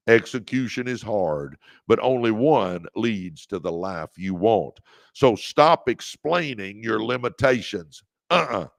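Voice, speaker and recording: A man's voice: mid-range voice, gravelly, no room sound, studio quality. A man from Texas hosting a livestream, giving a preachy motivational talk that repeats phrases, calls listeners baby and greets viewers by name. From Texas, United States. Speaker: livestream host and motivational speaker.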